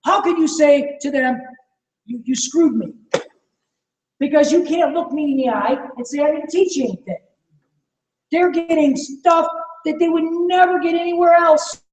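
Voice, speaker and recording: A man's voice: very high voice, moderate pace, a little mellow. A man leading a live sales training talk, enthusiastic and persuasive, asking the room questions. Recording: echoey room from far off, faint noise.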